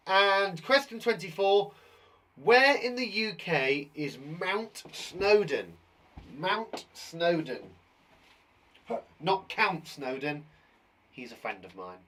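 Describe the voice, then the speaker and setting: A man hosting a live quiz show for children, full of enthusiasm and little jokes. His voice sits high for a man and swings up and down in a very animated way. He chats freely with his young viewers. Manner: enthusiastic, jokey, chatty. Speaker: teacher and host of a children's show.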